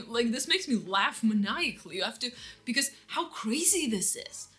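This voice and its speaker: A woman's voice: a little high, sing-song, normal speed, sharp tone. A woman telling an emotional story-time rant, rambling and full of restarts, with bitter laughter breaking through her anger. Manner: rambling, restarts often, lots of "like" and "you know". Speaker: vlogger.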